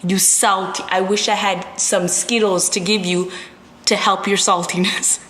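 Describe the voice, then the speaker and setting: A woman's voice: mid-range voice, flat delivery, measured pace, fairly bright tone. A woman in her twenties, talking to camera in a casual vlog rant, outspoken and emphatic with plenty of slang. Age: 20s. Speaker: vlogger.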